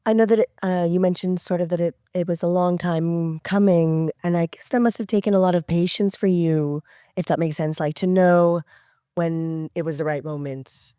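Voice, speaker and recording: A woman asking interview questions with hesitant, gentle phrasing. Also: on the low side, steady tone, normal speed, clean tone, dry recording, studio quality.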